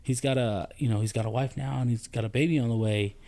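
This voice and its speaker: A man from the United States, a former Army leader, talking on a podcast in a halting, reflective way, often searching for words. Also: medium pitch, fairly even intonation, mellow. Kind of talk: casual podcast conversation.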